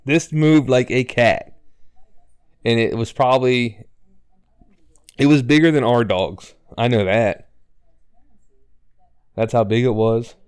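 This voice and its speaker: A man's voice: medium pitch, slow pace, long pauses, darkish tone, clean tone, dry recording, studio quality. A man co-hosting a podcast, chatting casually with a sarcastic, ribbing manner. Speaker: podcast co-host. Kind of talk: casual banter.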